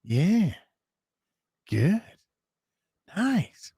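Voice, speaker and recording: A man's voice: high-pitched, drawn-out words, gravelly, husky, no echo, clean studio sound. A man hosting a casual live stream, chatting and reading out viewer donation messages. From England. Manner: animated, chatty, reads donor messages aloud.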